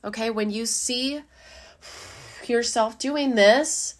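A woman, a life coach giving a gentle, encouraging talk with a slightly dry throat, who laughs often and acts out inner voices. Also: on the high side, slow. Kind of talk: casual motivational talk.

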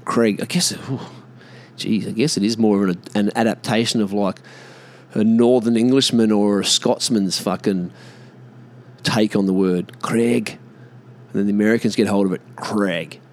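A man's voice: lowish voice, steady tone, moderate pace. A man ranting casually to camera, exasperated and swearing, spelling words out letter by letter.

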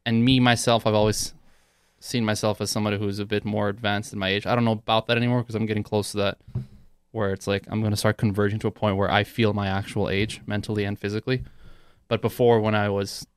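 A young man co-hosting a casual talk show, easygoing and profane, quick to laugh. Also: on the low side, level tone, clean tone, dry recording, clean studio sound. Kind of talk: casual banter.

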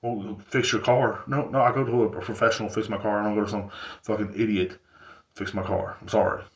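Male podcast host, lowish voice, loose profane rambling delivery, roomy echo. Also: steady tone, fairly quick. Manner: rambling, profane, filler-heavy. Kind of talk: casual solo podcast rant.

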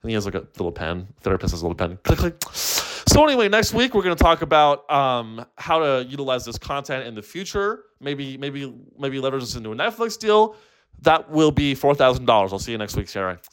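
A man voicing a smarmy male therapist who speaks in a low, hushed, syrupy tone. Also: sing-song, a little fast, close to an everyday voice. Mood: soothing. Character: smarmy male therapist, soft and self-promoting.

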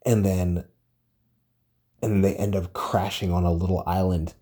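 A young man talking alone on a casual podcast, rambling and excitable, swearing a lot as he retells a story. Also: deep voice, measured pace, breathy edge. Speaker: podcast host. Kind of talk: casual solo podcast monologue.

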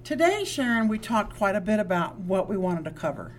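A woman's voice: mid-range voice, big pitch swings, fairly quick, a little hiss or hum. A woman co-hosting a wellness talk show as a psychologist. She speaks earnestly in casual chat, often restarting with fillers. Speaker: co-host, psychologist.

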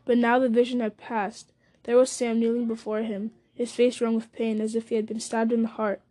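A woman giving a measured, storytelling reading of a fantasy novel. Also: fairly high pitch, little pitch movement, dark tone. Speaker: audiobook reader.

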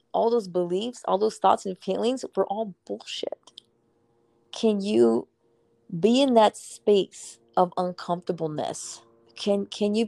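A woman's voice: mid-range voice, vocal fry, warm tone, no echo. A woman speaking as a purpose coach in a casual podcast conversation, effusive and emphatic, swearing casually.

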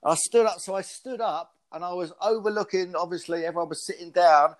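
A man from the UK in his fifties tells stories as an interview guest, in a slightly higher voice than usual. He restarts his phrases often and talks with animated energy. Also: brisk. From United Kingdom. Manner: animated storyteller with frequent restarts. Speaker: guest, former pro boxer and speaker. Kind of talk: casual interview storytelling.

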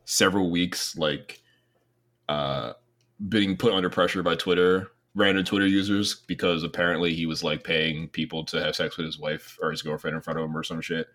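Deep-voiced man, meandering chat. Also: steady tone, moderate pace, a bit bright. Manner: meandering, hesitant with many ums. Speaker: podcast co-host. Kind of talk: casual podcast chat.

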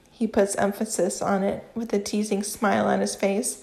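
A woman reading fan fiction aloud in an expressive storytelling voice. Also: mid-range voice, normal speed, vocal fry. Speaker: reader.

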